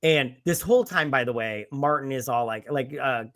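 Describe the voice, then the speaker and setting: A man hosting a casual movie review after drinking, rambling and profane, with sudden loud acted-out lines. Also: mid-range voice, moderate pace, no echo, clean studio sound. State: has been drinking. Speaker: podcast host.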